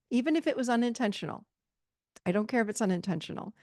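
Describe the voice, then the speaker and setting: This woman's voice is a little high and a little mellow, and she talks fast and animatedly. As a podcast host and relationship coach, she offers solo advice directly, emphatically, and conversationally to "you guys," in a dry studio recording.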